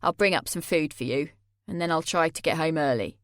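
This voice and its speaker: A woman voicing a controlling young man who speaks softly and tenderly, with an unsettling possessive edge. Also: brisk, no room sound, clean studio sound, natural voice. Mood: concerned. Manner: soft, low, quietly possessive.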